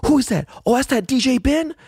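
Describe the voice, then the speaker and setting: A man voicing an enraged, jealous young ex-boyfriend who yells threats. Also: extremely high pitch, lively intonation, a little fast, breathy edge, dry recording, clean studio sound, pitched above the performer's own voice, heavily acted. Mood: shocked. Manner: yelling, threatening.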